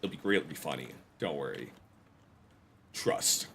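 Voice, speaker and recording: His voice is extremely low, a little slow and expressive, with vocal fry and a somewhat bright tone, plus a little hiss or hum in the audio. He rambles through casual commentary while streaming a survival game, cracking self-deprecating jokes and tossing asides to his chat.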